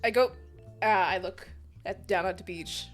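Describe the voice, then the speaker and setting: A woman's voice: medium pitch, soft background music. A woman playing a tabletop role-playing game, talking hesitantly while she decides what her character does. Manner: amused, hesitant, quick to laugh. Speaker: player.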